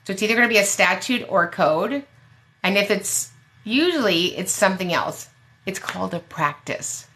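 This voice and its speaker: A woman's voice: mid-range voice, animated, moderate pace, pushed and bright. A woman special education advocate giving blunt, emphatic advice with sassy asides on a live question-and-answer show.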